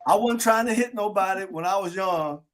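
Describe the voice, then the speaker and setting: A man hosting a sports talk show, telling animated stories to his old teammates. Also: high-pitched, a little fast. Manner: lively storyteller acting out quotes. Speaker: host. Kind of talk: casual storytelling with old teammates.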